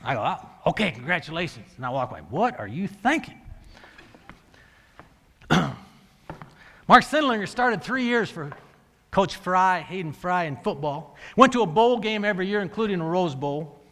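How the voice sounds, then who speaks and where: A man's voice: high-pitched, moderate pace. A middle-aged man, a coach telling a story to an audience and acting out the dialogue. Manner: animated, acts out quoted dialogue. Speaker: wrestling coach and speaker. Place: large hall. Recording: reverberant hall.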